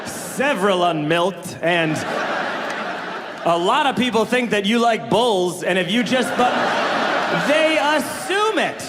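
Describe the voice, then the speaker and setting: Man, stand-up comic, fairly high voice, dry roasting delivery, noisy live room. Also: lively intonation, takes it slowly. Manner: dry, wry roast-style delivery with extended metaphor. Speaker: stand-up comedian. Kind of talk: stand-up comedy set. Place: comedy club stage. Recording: live club with loud crowd laughter.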